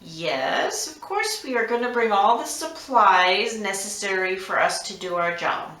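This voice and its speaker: Frank woman with a bright, roomy voice. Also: medium pitch, sing-song, measured pace. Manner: frank, instructive, lists numbered tips. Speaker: massage therapist. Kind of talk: direct advice monologue. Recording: roomy echo.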